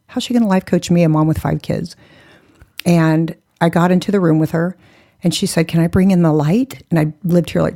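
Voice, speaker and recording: A woman's voice: fairly low pitch, vocal fry, mellow. A woman in her forties, a podcast guest, telling her story bluntly and candidly, mocking herself and laughing often.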